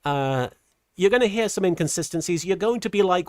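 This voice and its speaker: A middle-aged woman streamer chatting casually while reading super chats, earnest and halting, with a softened feminine voice. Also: fairly low pitch, animated, no room sound. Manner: earnest, halting with many restarts; voice softened toward a feminine sound. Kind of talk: casual livestream chat.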